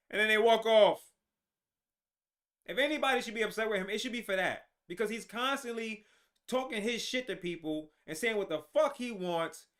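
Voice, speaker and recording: A man hosting his own commentary show, ranting in a heated, profane way and tripping over his own restarts. His voice sits high and sharp-toned. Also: animated, a little fast. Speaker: show host.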